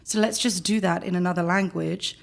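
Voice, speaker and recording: A woman with a London accent, a guest chatting casually in an interview, animated and quick to laugh. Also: lowish voice, creaky. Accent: London English. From London, England. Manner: animated, laughs often, rapid bursts. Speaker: guest, chamber engagement director.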